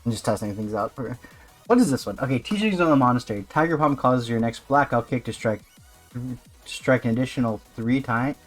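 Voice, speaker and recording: A man streaming live, reacting to a game and swinging into loud mock rants. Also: medium pitch, expressive, a little fast, soft background music.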